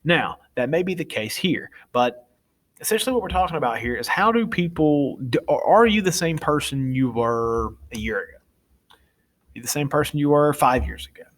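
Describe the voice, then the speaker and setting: A man's voice: a little high, lively intonation, normal speed. A young adult man teaching a class in a chatty, informal way, often stopping to correct himself. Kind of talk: casual classroom lecture.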